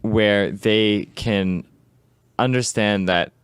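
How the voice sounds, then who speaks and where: A man's voice: on the low side, fairly even intonation, extremely slow, smooth, dry recording. A man hosting a podcast and chatting casually. He talks bluntly and swears freely. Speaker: podcast host. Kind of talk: casual chat.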